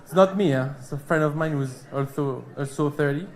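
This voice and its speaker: A man in his thirties from France with a French accent, performing a stand-up comedy set with a deadpan, hesitant delivery on a club stage. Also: fairly high pitch, brisk. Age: 30s.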